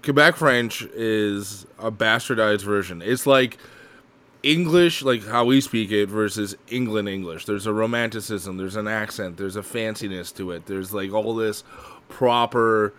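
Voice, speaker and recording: A man co-hosting a podcast, chatting casually, swearing freely and slipping into quick impressions. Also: lowish voice, fairly bright tone. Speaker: podcast co-host.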